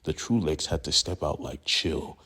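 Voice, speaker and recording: A man's voice: extremely low pitch, lively intonation, normal speed, fairly bright tone, breathy edge. A man casually retelling a comic book story, slangy and profane. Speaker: comic book recap narrator.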